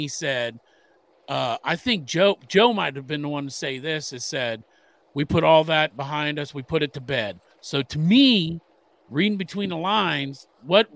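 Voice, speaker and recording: A man's voice: on the high side, creaky, fairly bright tone, no room sound. A middle-aged man co-hosting a sports podcast, talking in an emphatic, profane, rambling way. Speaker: podcast co-host. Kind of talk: casual sports podcast chat.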